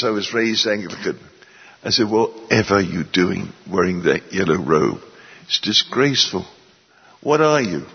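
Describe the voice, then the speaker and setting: A man preaching a sermon, slow and deliberate, stern and rising for emphasis. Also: on the low side, husky. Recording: dull sound in a long-echoing hall.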